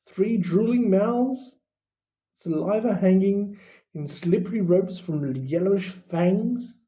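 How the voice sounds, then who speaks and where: An audiobook reader narrates at an unhurried, deliberate pace in a mid-pitched voice. The delivery is measured and even. The sound is a little dull and muffled. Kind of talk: storybook narration. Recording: slightly muffled recording.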